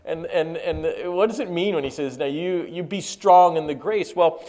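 A man's voice: fairly high pitch, moderate pace, darkish tone. A middle-aged man preaching an earnest sermon, often repeating and restarting his words. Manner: earnest, repetitive stammering restarts. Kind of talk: sermon teaching.

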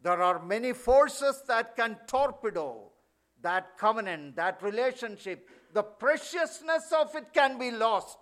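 A man's voice: very high-pitched, animated, measured pace, a bit bright. A male preacher giving an emphatic sermon, often adding "you know".

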